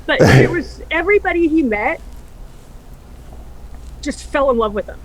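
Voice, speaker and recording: A woman radio host remembering a late friend, soft and hushed when grieving and lively when telling stories. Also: sits high, moderate pace, rough recording. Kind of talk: tearful tribute chat.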